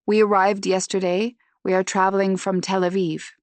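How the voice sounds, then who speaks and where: A woman's voice: medium pitch, flat delivery, moderate pace, no echo, close to an everyday voice. Woman voicing a clipped wife. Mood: polite. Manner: clipped, heavily accented. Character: reserved young wife, clipped foreign speech. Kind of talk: audiobook character voice.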